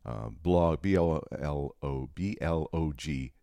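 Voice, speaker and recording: A man's voice: extremely low pitch, expressive, slow, vocal fry, dark tone, no room sound, studio quality. A man co-hosting a casual podcast, joking and laughing often with his co-host. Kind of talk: casual chat.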